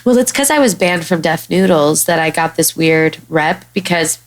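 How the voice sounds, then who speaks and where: A woman's voice: low voice, normal speed, low-quality recording. A young woman from Chicago, a stand-up comic hosting a podcast, telling a story bluntly and with lots of swearing. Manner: blunt, profane, animated storyteller. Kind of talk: casual storytelling chat.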